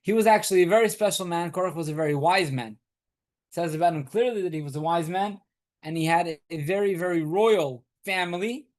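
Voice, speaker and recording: A rabbi leads a weekly Torah class for a small group, speaking a little fast in a voice that sits high. He explains patiently, repeats the key points, poses rhetorical questions, and turns to quiz his students.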